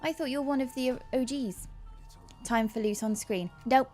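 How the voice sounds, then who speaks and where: Chatty woman with a higher voice. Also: darkish tone, faint music behind. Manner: chatty, reads out chat messages, quick to laugh. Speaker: livestream co-host. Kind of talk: casual livestream chat.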